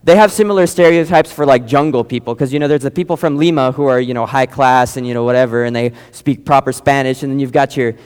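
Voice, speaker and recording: A man's voice: mid-range voice, quick pace, hardly any pauses, a little mellow, clean tone. Casual young male preacher, echoing hall. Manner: casual, digressive, many fillers. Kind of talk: sermon with mission stories. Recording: long reverb, large hall.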